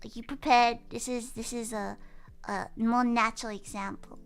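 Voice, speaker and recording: A woman's voice: on the high side, fairly even intonation, moderate pace, clean tone, faint music behind. A woman streamer in a casual livestream, chatting in a bubbly, giggly, playful way while explaining slang.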